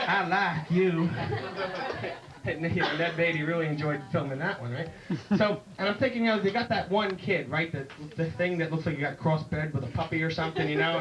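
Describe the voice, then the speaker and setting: A man telling rambling stand-up stories on a club stage, his voice a little higher than most men's. He sits away from the microphone, so he sounds distant, with a clear hiss of noise under him. It is an amateur club recording. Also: dull audio. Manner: rambling joke-telling with high-pitched impressions. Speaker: stand-up comedian. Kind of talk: stand-up comedy set. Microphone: handheld stage mic, drifting off it.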